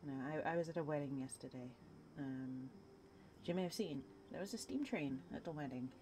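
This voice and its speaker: A woman's voice: sits low, brisk, mellow, a little hiss or hum. A young woman streaming live while she paints, tired and worn out, reading her chat aloud and answering viewers with encouragement. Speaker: livestreamer.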